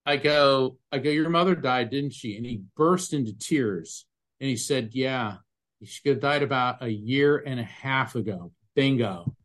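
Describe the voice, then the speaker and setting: A man's voice: mid-range voice, measured pace, fairly bright tone. Earnest man telling a story. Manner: earnest, emphatic, describes sensations vividly. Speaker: psychic medium, former attorney. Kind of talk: conversational interview storytelling.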